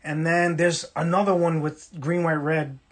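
A man's voice: a little high, flat delivery, a little slow, slightly rough. A young man from Brooklyn, casually hosting a livestream, reading the chat and teasing viewers playfully. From Brooklyn, New York.

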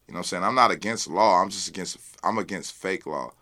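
A man being interviewed as a rap guest, talking casually and with passion, full of street slang and repeated "you know what I'm saying", while high. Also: quick pace, pushed and bright. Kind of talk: casual unfiltered interview talk.

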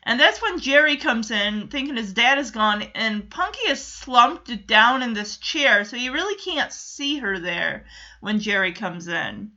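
A woman recaps a show in a chatty, casual way, quick to react and poke fun. Her voice is bright and a little high. The recording is dull and lo-fi. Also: sing-song. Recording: dull lo-fi sound.

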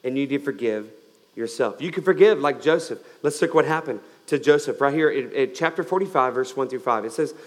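A male pastor giving a sermon, swinging between loud emphatic lines and quiet, slowed-down ones. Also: mid-range voice, big-room sound.

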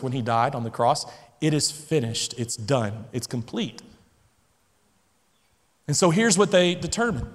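A male pastor preaching a sermon with emphasis, repeating key phrases and moving between loud declarations and hushed lines. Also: high-pitched. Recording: long reverb from a large hall.

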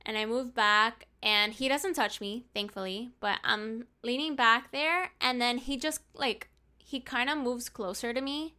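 A young woman chats through a storytime for her viewers, with a bright, sharp tone that sits a little high. She talks loosely and profanely, acting out the lines each person said. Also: steady tone, unhurried. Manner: profane, chatty, acts out quoted lines. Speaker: storyteller vlogger. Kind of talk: casual storytime monologue.

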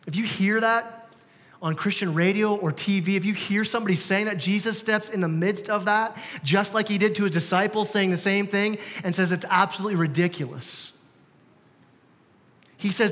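A man's voice: sits high, moderate pace, a bit bright. A man preaching a sermon as pastor, conversational and emphatic, often repeating words. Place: church. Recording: reverberant church hall.

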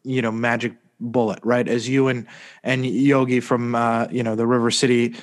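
A man's voice: mid-range voice, level tone, moderate pace. A man explaining at length in a hesitant way, with many fillers and restarts, in a casual soccer podcast chat. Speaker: podcast panelist.

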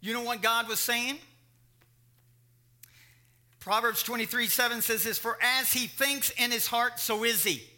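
Middle-aged male preacher, high ringing voice, animated sermon with stories. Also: a little slow, long pauses. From Kentucky. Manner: animated preaching with storytelling asides. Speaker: pastor.

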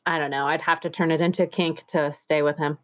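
A woman's voice: deep voice, fairly even intonation, a little fast. A young woman in casual podcast chat, blunt and profane, often laughing.

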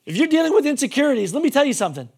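A male pastor preaching a sermon emphatically, swinging between shouting and hushed tones. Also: extremely high pitch, sing-song, very fast, gravelly.

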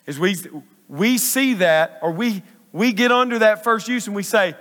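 At a moderate pace, a pastor with a high, fairly bright voice gives an emphatic sermon, repeating phrases for stress. The recording carries the long reverb of a large church hall.

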